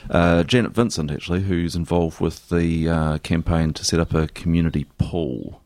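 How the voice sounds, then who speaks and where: A man's voice: sits low, steady tone, moderate pace, hardly any pauses, a little mellow. A man hosting a local radio show in the studio, chatting loosely with fillers and restarts. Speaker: radio host. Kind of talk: casual radio talk and interview.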